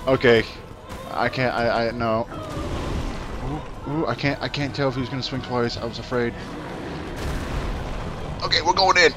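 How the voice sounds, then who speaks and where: A man's voice: mid-range voice, level tone, moderate pace. A man commenting on his own gameplay, rambling between asides and trash-talking the enemies he fights. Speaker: let's play gamer. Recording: game music underneath. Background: game music.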